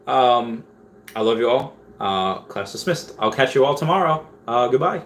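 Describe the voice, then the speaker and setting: A man's voice: medium pitch, animated, a little fast, fairly bright tone. Rambling young man reading chat comments. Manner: rambling, reads viewer comments aloud. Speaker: livestream host. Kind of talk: casual livestream chat. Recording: faint background noise.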